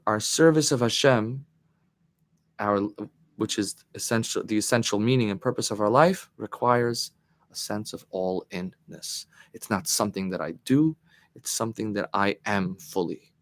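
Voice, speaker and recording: A man teaching a Torah class as its rabbi, thinking aloud, often restarting phrases and leaning hard on key words. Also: on the low side. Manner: thoughtful, searching for words, emphatic on key phrases; answers questions from the class.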